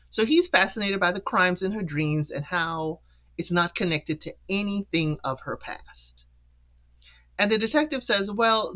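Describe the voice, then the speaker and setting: A host recapping a TV episode in casual chat, acting out characters' lines with jumps in pitch and laughing between points. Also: fairly bright tone.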